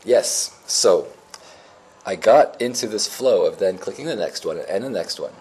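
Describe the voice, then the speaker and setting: A man's voice: on the low side, expressive, unhurried, a little mellow, slightly rough. A man in his forties telling a rambling, emotional personal story in a reflective, spiritual way. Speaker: vlogger.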